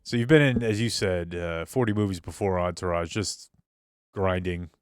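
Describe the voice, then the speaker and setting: A man's voice: deep voice, moderate pace, clear, resonant tone, no room sound. A man hosting a sports talk show, chatting casually and laughing often in a studio on a studio mic. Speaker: radio show host. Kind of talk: casual chat. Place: radio studio. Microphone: studio microphone.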